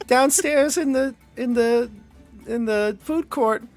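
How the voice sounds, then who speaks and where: A man voicing a frightened little girl from the 1920s in a high, pleading childlike voice. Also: takes it slowly, soft background music.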